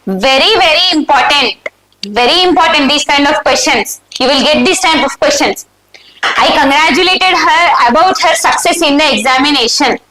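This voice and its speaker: High-voiced Indian woman teaching, echoey. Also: normal speed, bright, forceful tone. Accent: Indian English. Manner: reads options aloud and checks answers with the class. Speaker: exam prep teacher. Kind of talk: live online exam answer review.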